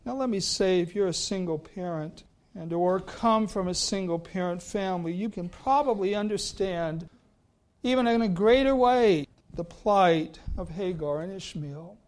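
A male pastor preaches a sermon and reads scripture at a deliberate pace. His voice sits high and sinks softly at the ends of phrases.

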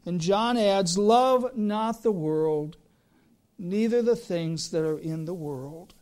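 A man preaching a sermon to his congregation, with deliberate phrasing that swells into emphatic lines. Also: sits high, a little mellow. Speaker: pastor.

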